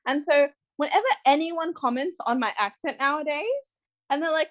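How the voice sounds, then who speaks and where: Young woman, Australian accent, higher-pitched, rambling casual chat. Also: normal speed, a bit bright. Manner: chatty, rambling with many likes. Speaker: podcast co-host.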